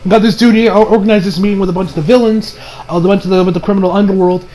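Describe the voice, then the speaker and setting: A man's voice: high voice, fairly even intonation, rapid-fire, mellow, slight background noise, poor audio. A young man giving a rambling, casual recap of an anime episode, acting out the characters' lines and laughing as he goes. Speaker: anime reviewer.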